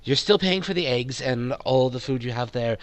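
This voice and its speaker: A man voicing a flustered older woman who runs a kitchen, speaking in a high fluttery voice that stammers and scolds. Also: expressive, moderate pace, close to an everyday voice. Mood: scolding.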